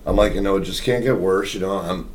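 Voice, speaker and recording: A man's voice: deep voice, fast. Profane rambling male podcast storyteller. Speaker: podcast host. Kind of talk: casual storytelling chat.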